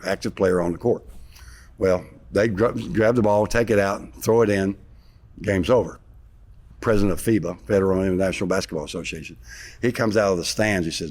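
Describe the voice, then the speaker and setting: A man being interviewed, retelling an old story in a rambling, animated way with some sarcasm. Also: deep voice, breathy edge. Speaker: interview guest, former basketball player.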